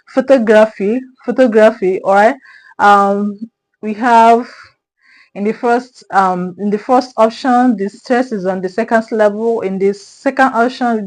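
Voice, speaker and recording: A woman's voice: a little high, low-quality recording. A woman teaching an exam prep lesson on word stress. She repeats key words and keeps checking in with "okay?". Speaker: online English tutor.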